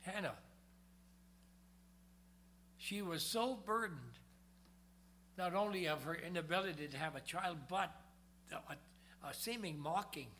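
Man, preacher, sermon, high voice, dramatic loud-to-hushed swings. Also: animated, a little hiss or hum. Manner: dramatic swings between loud emphasis and hushed low tones; slows down to read scripture.

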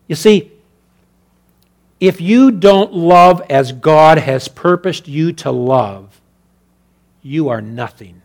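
Man, preacher, sermon, rhythmic repetition, hushed asides to loud exhortation, fairly high voice. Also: lively intonation, slow, long pauses. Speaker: pastor.

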